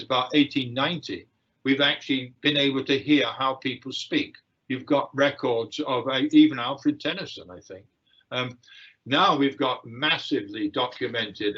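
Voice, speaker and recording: A man's voice: mid-range voice, a bit bright, slightly rough. Older man lecturing, hesitant with many ums, muffled lo-fi sound. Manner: hesitant, many fillers and restarts. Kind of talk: lecture answering audience questions. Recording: dull lo-fi livestream audio.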